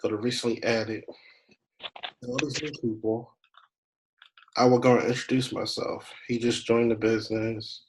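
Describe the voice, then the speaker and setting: A man's voice: medium pitch, level tone, normal speed, long pauses, noisy background. A man working as a travel agent, giving a casual online training, thinking aloud as he clicks through pages. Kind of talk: screen-share training walkthrough.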